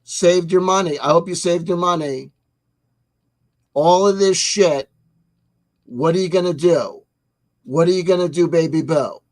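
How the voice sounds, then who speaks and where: A man with a notably high voice rants through his own commentary. His swearing is constant and his tone is mocking and angry. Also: unhurried, pauses often, darkish tone. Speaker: commentary channel host. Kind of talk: ranting commentary.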